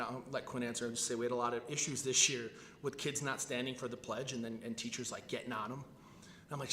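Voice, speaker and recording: A man's voice: medium pitch, sharp tone, a little hiss or hum. A man who teaches, speaking on a convention panel, telling a story with many restarts. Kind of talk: panel discussion. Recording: echoey convention hall.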